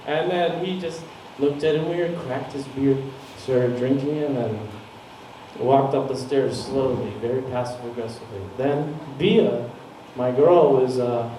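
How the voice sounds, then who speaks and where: A man doing a stand-up set, telling a story about his girlfriend and roommate with animated, rambling delivery. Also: medium pitch, a little slow, a little hiss or hum. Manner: animated storytelling, swings loud for acted quotes. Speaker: comedian. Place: comedy club stage. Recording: echoey room from far off.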